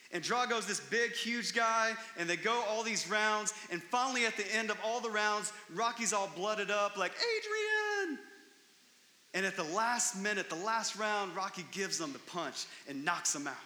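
Pastor, male, high and very bright voice, animated preaching, echoey hall with long reverb. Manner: animated storytelling, rising to excited emphasis. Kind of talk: sermon.

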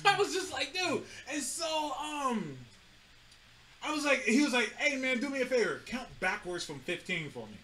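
A man's voice: extremely high pitch, moderate pace. A man co-hosting a casual podcast chat, telling stories with lots of laughter and swearing. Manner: animated storyteller, laughs often, swears freely. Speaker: podcast co-host.

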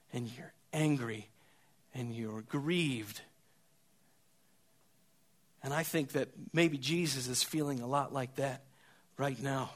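A man preaching a sermon, moving between quiet, hushed stretches and loud, raised passages, and often repeating a word as he restarts. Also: medium pitch. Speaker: pastor.

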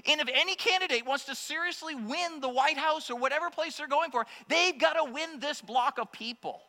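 A man preaching a sermon to a congregation, impassioned, swinging between loud exclamations and hushed asides. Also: very high-pitched. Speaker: pastor. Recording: long hall reverb with mains hum.

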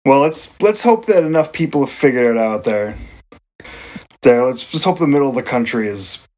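A man's voice: mid-range voice, expressive, moderate pace, a little mellow. Laid-back man with dry interjections. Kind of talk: casual chat.

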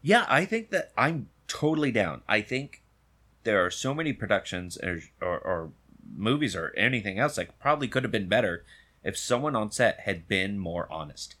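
A man with a somewhat low voice in easygoing podcast conversation. He talks things through in a reflective, agreeable way. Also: very animated, moderate pace, sharp tone. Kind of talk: casual podcast chat.

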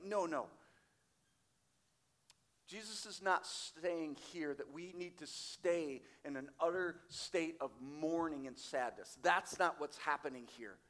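Man, pastor, sermon, high-pitched voice, emphatic, slow scripture readings. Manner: emphatic, varies loudness widely, slows on quoted scripture. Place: church sanctuary.

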